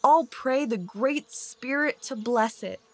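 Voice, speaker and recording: Storybook old badger father, humble, prayerful, slow, woman narrator doing the voice. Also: on the high side, no echo. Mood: earnest. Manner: pleading, prayerful.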